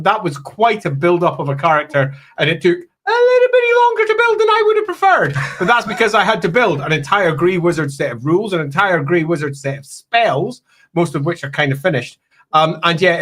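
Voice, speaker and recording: A man hosting a casual chat about tabletop games, animated and rambling, laughing often. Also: a little high. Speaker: host and game producer.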